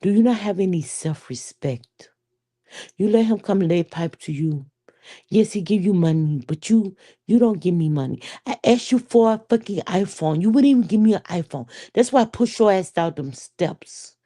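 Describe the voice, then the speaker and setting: A woman's voice: mid-range voice, animated, moderate pace, mellow, close to an everyday voice. A woman playing an angry, confused teenage daughter who rants at her mother in a profane, accusing way, as an improvised comic scene. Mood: angry ranting. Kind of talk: improvised comedic scene acting.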